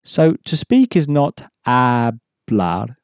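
A man teaching a scripted language lesson, explaining word stress in a measured way and slowing down for examples. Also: mid-range voice, sing-song, mellow, dry recording, clean studio sound.

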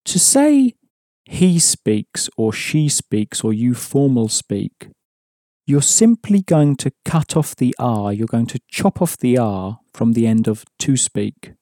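A man's voice: medium pitch, big pitch swings, slow pace, dark tone, dry recording, clean studio sound. A man teaching an audio language lesson, patiently explaining rules and prompting the listener.

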